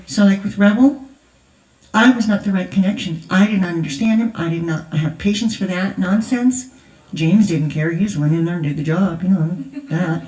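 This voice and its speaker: With a fairly low, darkish voice at a moderate pace, an older woman gives a conference testimony through chatty storytelling and laughter. She's a grandmother, and the recording in the large church hall sounds echoey and distant.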